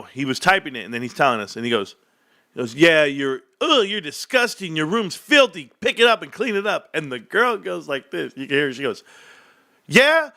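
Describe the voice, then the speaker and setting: Man, middle-aged, livestream host, casual slangy storytelling, animated pitch, bright tone. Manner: rambling storyteller, slangy, laughs often.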